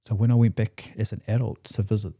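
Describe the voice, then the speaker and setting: A New Zealand man speaks as a podcast guest in a low, very dark and mellow voice. He tells his life story candidly and emotionally, swearing freely. Now and then he acts out old conversations as he goes. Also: flat delivery, fast.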